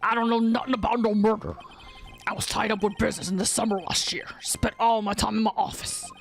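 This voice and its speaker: A woman voicing a gruff, menacing male mobster with a rough Brooklyn accent, reading game dialogue aloud. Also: fairly high pitch, steady tone, a little fast, soft background music. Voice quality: rough, threatening, ungrammatical.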